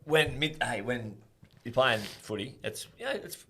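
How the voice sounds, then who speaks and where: An Australian man spins laughing footy stories on a podcast. His voice is bright and forceful, and his pitch sits mid-range for a man. He talks casually, with restarts and asides. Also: unhurried, vocal fry, a little hiss or hum. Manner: animated, laughing storyteller. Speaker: guest, former pro footballer.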